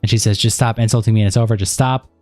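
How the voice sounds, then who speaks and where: Mellow-voiced man reading on stream. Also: lowish voice, very fast, no echo, soft background music. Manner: steady reading with rambling casual asides and fillers. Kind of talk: reading chat logs aloud on a live stream.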